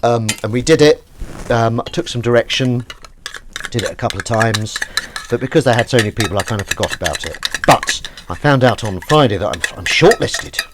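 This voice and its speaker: A man's voice: mid-range voice, fairly quick, noisy background. A young man chatting casually and rambling through anecdotes, with fillers and asides, while he washes up. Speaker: host of a washing-up livestream. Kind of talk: casual chat while washing dishes.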